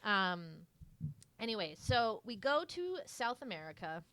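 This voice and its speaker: A woman's voice: medium pitch, big pitch swings, measured pace, pushed and bright, smooth. A woman co-hosting a podcast, casually recapping a movie in a rambling way with lots of fillers. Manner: rambling, filler-heavy retelling with mock voices. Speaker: podcast co-host.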